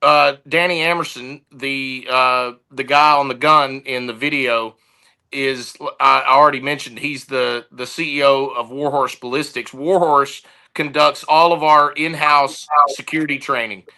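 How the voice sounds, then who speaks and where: A man who heads a security firm, telling stories in an easygoing, energetic way during a casual podcast interview. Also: medium pitch, a little slow, smooth, rough recording.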